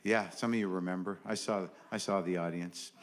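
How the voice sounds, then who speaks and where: A man's voice: low voice, fairly even intonation, brisk. A middle-aged man doing a stand-up comedy set, riffing in a wry, sardonic, conversational way.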